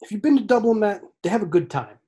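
A man's voice: high-pitched, lively intonation, fast talker, dark tone, breathy edge. A man hosting a casual podcast, explaining things with wry sarcasm. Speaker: podcast host.

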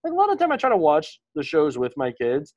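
A man in his thirties co-hosting a podcast in casual chat, animated, swearing a lot and full of fillers. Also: fairly high pitch, fast, highs cut off. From Maryland, USA. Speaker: podcast co-host.

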